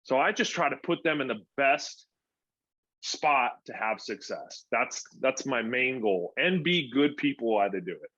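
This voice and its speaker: Bright-voiced middle-aged man telling coaching stories. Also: mid-range voice, a little slow, dry recording. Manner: animated storytelling, acting out what he says to himself and to others. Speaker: guest, former pro pitcher and youth coach. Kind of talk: casual podcast conversation. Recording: dull, dry, lo-fi sound.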